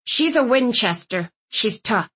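A woman doing a bossy elderly aunt from an audiobook, deadpan and snappish. She barks orders in a raised, carrying voice that sits above the reader's usual pitch. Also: a little slow, husky, exaggerated voice. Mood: stern.

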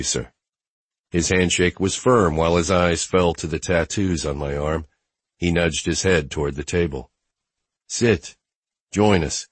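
A man narrating a first-person novel as an audiobook, in a wry, low-key manner. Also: dry recording.

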